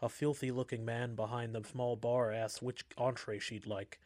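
A man reading a story aloud in a steady, measured way. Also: medium pitch, no echo, studio quality.

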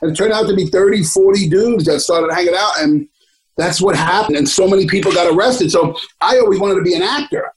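A middle-aged man from the Bronx speaks with a thick New York accent in a fairly high register. He tells long, rambling, streetwise stories as an interview guest, swearing freely and acting out other people's lines. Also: fairly quick, rough recording. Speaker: actor, guest. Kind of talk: casual storytelling interview.

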